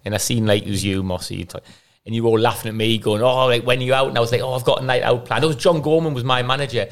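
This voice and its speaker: A man's voice: medium pitch, steady tone, racing. A man co-hosting a podcast, a former footballer trading teasing stories with old teammates. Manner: laughing, teasing banter. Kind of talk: casual podcast banter.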